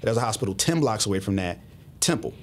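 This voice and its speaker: A man, a former police officer, telling his story as a guest in a casual, profane, animated way. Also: lowish voice, fast talker, a little hiss or hum. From Southwest Philadelphia. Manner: profane, animated retelling with acted-out dialogue.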